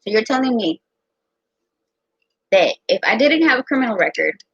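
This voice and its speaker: A young American woman telling a personal story in a casual, profane, animated way. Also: fairly high pitch, breathy edge, dry recording. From United States. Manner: profane, animated, quotes others in her own voice. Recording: dull lo-fi sound.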